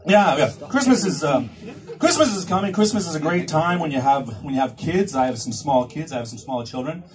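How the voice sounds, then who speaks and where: A man's voice: a little high, lively intonation, brisk. A male stand-up comedian performing live in a cinema, rambling and self-mocking, with stammering restarts. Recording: far from the mic, loud crowd laughter.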